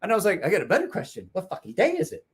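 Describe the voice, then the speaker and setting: A man's voice: high voice, huge pitch swings, rapid-fire, husky. A man telling a rambling, profane anecdote in casual chat, laughing along. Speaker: storyteller guest.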